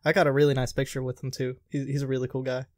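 Casual young-sounding podcast host, dry sound. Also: male voice, medium pitch, level tone, very fast, no room sound. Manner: rambling, crude joking. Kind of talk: casual chat.

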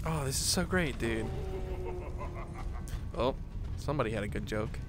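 Excitable man with a lively, swinging voice. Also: mid-range voice, moderate pace, music in the background. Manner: excitable, swears casually, laughs often. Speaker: gaming streamer. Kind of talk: casual VR gameplay commentary. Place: home room, seated on the floor.

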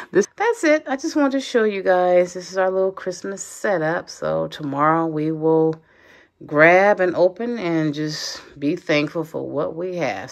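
A woman talking casually to her viewers in a vlog, hoarse from a cold, her weak voice sometimes dropping toward a whisper, chatty and thankful. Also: fairly low pitch, no room sound. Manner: chatty, thankful, self-correcting. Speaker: vlogger. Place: parked car.

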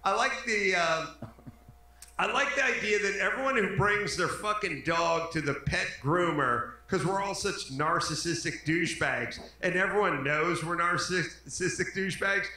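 A man's voice: high voice, normal speed, pushed and bright, very echoey, low-quality recording. A man hosting a comedy podcast, riffing in profane, ranting bits. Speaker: podcast host.

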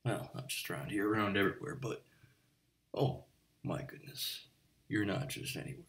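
A man plays an eccentric bartender who rambles from one digression to the next, lecturing his customer with pedantic asides in a comic monologue. The voice sits low, and it sounds a little distant from the mic. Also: moderate pace, fairly bright tone, natural voice. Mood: rambling. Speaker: bartender character. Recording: voice a bit far from the mic.

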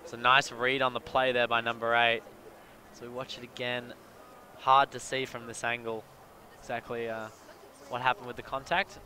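A man giving live play-by-play commentary at an outdoor sports field, breaking into excited exclamations on big plays. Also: medium pitch, normal speed. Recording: crowd noise from an outdoor field.

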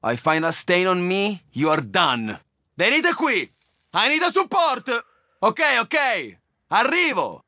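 A man's voice: sits high, sing-song, takes it slowly, pushed and bright, no echo, studio quality, exaggerated voice. A man with an Italian accent voicing a menacing, swaggering mob henchman in a video game, tossing out threats and Italian curses. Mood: threatening. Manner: threatening, swaggering, mixes Italian phrases into English. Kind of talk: video game ambient dialogue.

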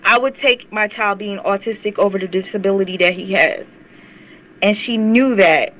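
A woman's voice: medium pitch, normal speed, a bit bright, slight background noise, low-quality recording. A young woman ranting on her vlog channel, heated, confrontational and swearing often. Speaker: YouTube commentator. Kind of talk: angry rant to camera.

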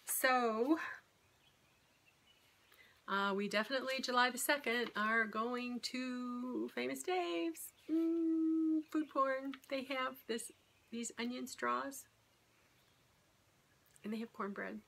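A woman's voice: fairly high pitch, takes it slowly, creaky, long pauses, bright, forceful tone. A middle-aged woman talking candidly and rambling in a casual vlog about her weight-loss surgery. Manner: rambling, candid, self-deprecating.

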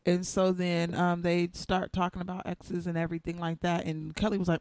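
A man's voice: high voice, completely flat delivery, fairly quick, hardly any pauses, darkish tone. A man hosting a casual recap podcast, telling the story and acting out the characters' lines. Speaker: podcast host recapping a TV episode.

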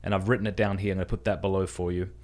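A man's voice: sits low, flat delivery, rapid-fire, a little mellow. A man, a podcast host, casually and earnestly walks listeners through a prayer, chatty and easily amused. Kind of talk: casual spoken instruction.

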